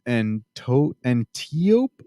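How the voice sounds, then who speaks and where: A man's voice: medium pitch, big pitch swings, very slow, dark tone, no echo, studio quality. A man hosting a podcast, teasing his guest with crude jokes over drinks and a bit tipsy. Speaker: podcast host. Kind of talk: casual podcast chat.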